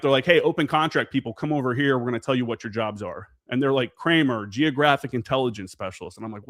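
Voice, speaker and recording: A man's voice: medium pitch, a bit bright, dry recording, clean studio sound. A man in his forties, a veteran guest on a podcast, telling stories in a casual, profane way and acting out the remembered dialogue. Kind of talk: casual storytelling interview.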